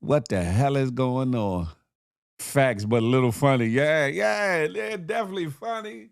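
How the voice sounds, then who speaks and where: A man hosting a casual morning show, animated and joking, laughing often as he comments. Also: medium pitch, unhurried, vocal fry, smooth, dry recording, clean studio sound.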